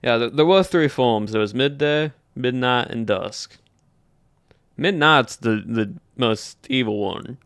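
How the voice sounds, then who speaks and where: A man's voice: medium pitch, animated, slow pace, fairly bright tone, clean tone, no echo, clean studio sound. A man with a Southern US accent, chatting casually with his livestream viewers and thinking aloud as he polls them. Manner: chatty, thinking aloud while polling chat. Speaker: streamer.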